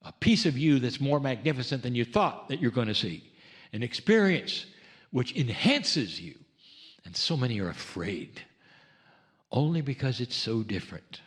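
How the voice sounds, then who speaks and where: A man talking a group through a slow guided meditation as a spiritual channeler, speaking straight to his listeners. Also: medium pitch, sing-song, in a large hall.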